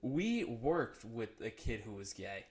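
A man's voice: on the low side, very animated, slow pace, darkish tone. A man telling a profane, laugh-filled story in a casual chat, acting out the people he quotes. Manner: profane, laughs often, acts out quoted friends.

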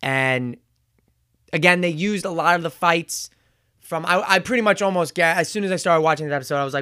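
A man with a fairly high, smooth voice walks through a show's scenes in a relaxed, chatty review. He trips over words, corrects himself and fills gaps with "um". The sound is dry and close, with no room around it. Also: normal speed, no echo. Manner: chatty, retells scenes with fillers and self-corrections. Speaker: show reviewer. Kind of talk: casual recap and review.

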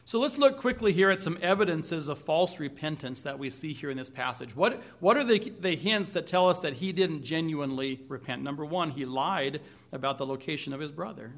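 A man's voice: on the high side, lively intonation, brisk. A man preaching a sermon, reading scripture aloud and asking the congregation questions with light humor. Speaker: pastor.

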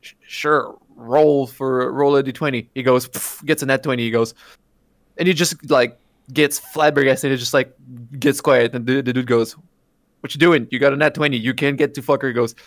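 A man's voice: mid-range voice, fairly even intonation, a little fast, a bit bright, no echo. A man co-hosting a podcast, telling a crude story in casual chat, profane and laughing often. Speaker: podcast co-host.

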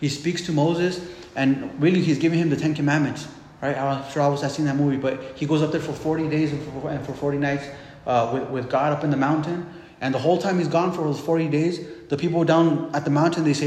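A man's voice: on the high side, fairly even intonation, fast talker, darkish tone. A man preaching a sermon, retelling scripture in casual everyday speech and acting out the voices of the people in it. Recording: echoey, reverberant hall.

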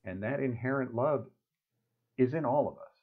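A lively man co-hosts a relaxed weekly talk show. He laughs easily and chats warmly with his co-host. His voice comes through a thin, phone-like line. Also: normal speed, husky. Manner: animated, laughs often, acts out cartoon lines in a high voice. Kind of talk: casual chat.

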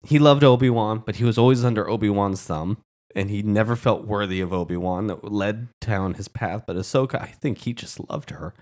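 A man's voice: lowish voice, darkish tone. A man retelling a show's story in casual commentary, passionate, indignant and emotional. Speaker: show recapper.

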